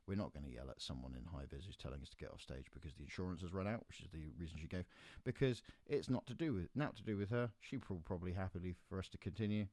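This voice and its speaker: A man with a very low voice tells a gig story in a relaxed, chatty way. He gets animated and slips into the voices of the people in it. The sound is close and dry. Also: no echo. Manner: animated teller, acts out quoted voices. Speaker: podcast host and musician. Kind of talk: casual anecdotal storytelling.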